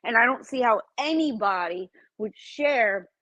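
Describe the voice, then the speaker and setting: A woman's voice: on the high side, animated, a little slow, fairly bright tone, no room sound, low-quality recording. A woman in heated casual livestream chat, speaking bluntly and indignantly with plenty of profanity.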